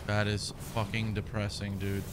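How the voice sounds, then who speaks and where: A young man commenting on a horror game as he plays, swearing often and breaking into loud outbursts. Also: lowish voice, monotone, moderate pace, background noise. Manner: profane, reactive, loud outbursts. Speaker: gaming commentator. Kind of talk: let's play commentary.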